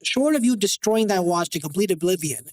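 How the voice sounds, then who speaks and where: A man's voice: sits high, fairly quick, poor audio. A man who deals watches, chatting as a guest on an interview show and acting out the dialogue in his stories. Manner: animated, acts out quoted dialogue. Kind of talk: casual interview storytelling.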